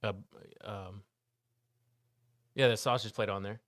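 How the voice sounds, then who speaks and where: A man's voice: lowish voice, steady tone, measured pace, a bit bright, dry recording, clean studio sound. A man guesting on a casual podcast, hesitant with lots of fillers, chatting about a restaurant mix-up. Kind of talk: casual chat. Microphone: studio microphone.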